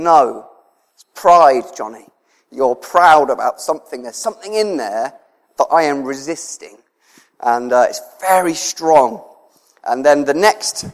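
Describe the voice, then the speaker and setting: A man preaching a sermon to his congregation, talking conversationally, often chuckling and moved close to tears. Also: a little high. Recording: long hall reverb.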